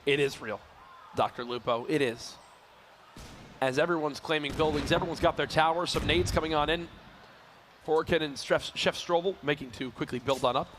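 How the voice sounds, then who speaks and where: A man doing lively play-by-play commentary for an esports tournament, playful and quick to joke. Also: a little high, slight background noise. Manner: energetic, playful, counts and jokes on air. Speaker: esports caster.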